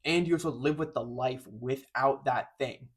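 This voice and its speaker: Man, vlogger, casual chat to camera, rambling, self-interrupting, medium pitch, close mic. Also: normal speed, slightly rough. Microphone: close microphone.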